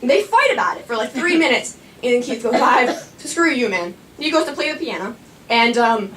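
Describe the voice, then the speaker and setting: Young woman telling a story on stage, high voice, kinda rambly and nervous, mic a bit far off. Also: animated, fast talker, fairly bright tone. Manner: nervous, rambling, self-mocking. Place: small performing arts studio. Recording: stage voice from a distance with faint room noise.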